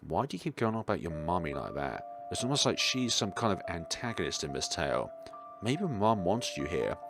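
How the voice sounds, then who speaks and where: Man reading a game aloud, low lively voice, game music behind. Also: fairly quick, creaky. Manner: playful, wry asides. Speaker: gaming video creator. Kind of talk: reading a visual novel aloud with commentary.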